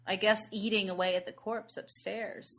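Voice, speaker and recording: A woman co-hosting a podcast, chatting casually and laughing easily as she talks over a film. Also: medium pitch. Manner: lively, chatty, quick to laugh. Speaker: podcast co-host. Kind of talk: casual movie-review chat.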